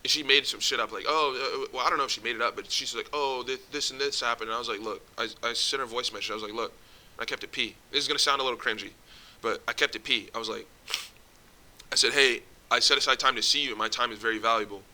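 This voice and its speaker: Young male vlogger, bright and forceful, blunt, slangy and profane, advice talk. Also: mid-range voice, rapid-fire, slight background noise, low-quality recording. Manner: blunt, swears a lot, streetwise slang. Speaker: vlogger giving relationship advice. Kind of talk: casual direct-to-camera advice.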